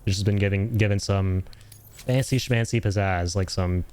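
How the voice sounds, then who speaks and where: A chatty young man streaming a game, reacting eagerly to what he unlocks and laughing often. His voice sits a little low. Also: steady tone, normal speed, darkish tone, a little hiss or hum. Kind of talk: casual gameplay commentary.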